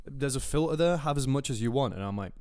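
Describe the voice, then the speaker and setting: A man's voice: mid-range voice, expressive, fast talker, darkish tone, clean tone, no room sound, studio quality. Rambling young man telling travel stories. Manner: rambling anecdotes with quoted voices, swearing. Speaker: podcast co-host. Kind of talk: casual storytelling chat.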